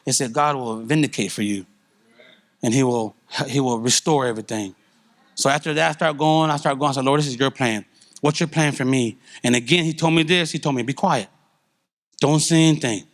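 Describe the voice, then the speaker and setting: A middle-aged man giving a candid, conversational testimony at a church service, telling his story with animated feeling. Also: a little high.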